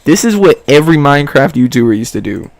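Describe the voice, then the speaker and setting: A man's voice: fairly high pitch, sing-song, fast. A young man streaming live, chatting in a laid-back, rambling, slangy way and laughing often, with music playing behind him. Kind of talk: casual livestream reaction chat.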